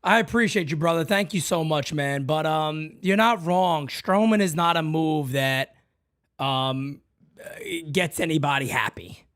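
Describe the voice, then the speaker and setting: A man hosting a baseball fan show, emphatic, swinging between shouts and low mutters. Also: unhurried, clean tone. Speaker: fan channel host.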